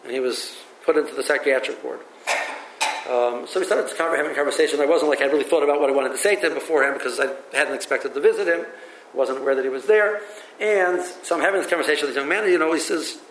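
Male rabbi, high-pitched, halting and repetitive, recorded in a roomy space. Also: a bit bright, slight background noise. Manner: halting and repetitive, thinks aloud. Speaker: rabbi teaching a class. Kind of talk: teaching a religious text, with stories. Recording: echoey room with faint ambience.

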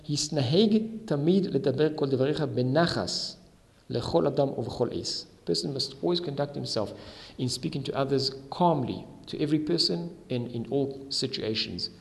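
Gravelly man teaching a Talmud passage. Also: medium pitch, animated, fairly quick, darkish tone, in a large hall. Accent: Ashkenazi Hebrew pronunciation. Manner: reads Aramaic then explains in English. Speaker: Torah teacher. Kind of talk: Talmud lesson, reading and translating.

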